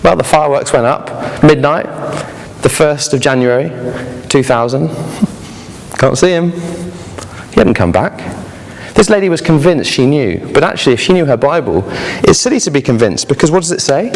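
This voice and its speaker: A man's voice: fairly high pitch, normal speed, vocal fry, a little hiss or hum. Storytelling young male preacher in a hall. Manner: lively storytelling, asks the audience questions. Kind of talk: sermon. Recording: echoey hall.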